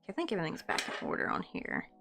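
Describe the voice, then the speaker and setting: Crocheting live at her desk, a young woman with a Southern Tennessee accent rambles chattily through viewers' questions, leaning heavily on "like" and "um." She speaks rapid-fire in a low, gravelly, fairly bright voice whose pitch swoops wildly. Soft music plays in the background.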